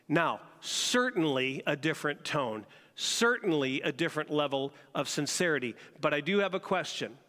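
A man's voice: fairly high pitch, lively intonation, normal speed, pushed and bright. A man preaching a sermon as pastor, putting rhetorical questions to his congregation. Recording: long reverb of a large hall.

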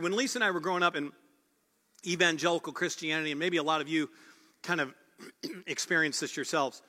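A male pastor with a high, bright, forceful voice delivers an earnest, conversational sermon. He leans on repeated phrases to drive his points home. His words ring out with a long reverb, as if filling a large church.

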